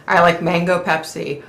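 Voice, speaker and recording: A woman's voice: lowish voice, fairly bright tone, echoey room, slight background noise. A middle-aged woman hosting a live stream from home, chatting casually in a rambling way and laughing often. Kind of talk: casual chat.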